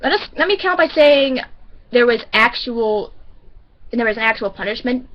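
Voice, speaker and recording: A woman's voice: on the high side, lively intonation, moderate pace, dull audio. A woman telling a story about work in a casual, rambling way, often correcting herself. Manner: rambling, self-correcting, chatty. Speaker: grocery store bagger.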